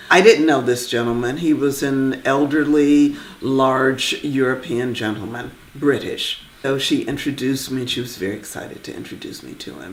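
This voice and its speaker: A middle-aged woman, a visual artist and writer, telling a personal story in a reflective, animated way with pauses. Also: a bass voice, a little hiss or hum. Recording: echoey room.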